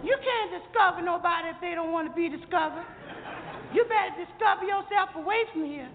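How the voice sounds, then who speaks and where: A man voicing a sassy, defiant young woman in a high falsetto, from a played comedy record. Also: brisk, a faint crowd. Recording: tinny, hissy, reverberant comedy record.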